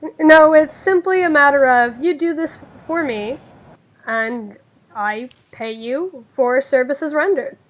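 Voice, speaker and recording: A woman voicing a calm, scheming male crime boss who speaks smoothly and formally and brushes off concerns. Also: very high-pitched, slow pace, lo-fi sound. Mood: dismissive.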